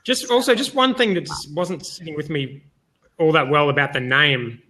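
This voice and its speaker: A male host with a bright, somewhat high voice runs a live online review session. His speech is hesitant and casual, full of restarts. He often stops to laugh. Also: moderate pace.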